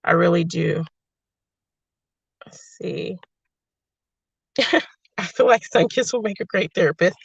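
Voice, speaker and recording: A woman chatting casually on a livestream, reading viewer comments in a warm, affectionate, emotional way. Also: on the low side, slow pace, creaky, long pauses, husky, dry recording. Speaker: livestream host. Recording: dry, slightly dull lo-fi sound.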